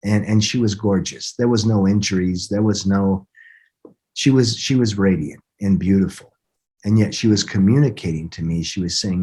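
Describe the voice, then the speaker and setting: A middle-aged man with a husky, lowish, mellow voice recounts a personal experience on a podcast. His telling is earnest and halting, full of restarts.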